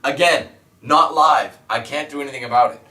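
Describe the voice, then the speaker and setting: A man's voice: mid-range voice, a little fast, bright, forceful tone. Rambling, apologetic man in an echoey room. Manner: rambling, candid and apologetic, with many fillers. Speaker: YouTube let's player. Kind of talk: casual vlog monologue. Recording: roomy echo, mic at a distance.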